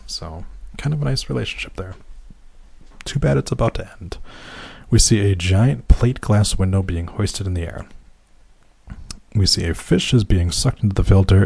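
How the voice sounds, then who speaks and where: A man's voice: fairly low pitch, gravelly, darkish tone, husky, no echo. A man recapping a film scene by scene in casual commentary, with wry, sarcastic and profane asides. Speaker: movie recap narrator.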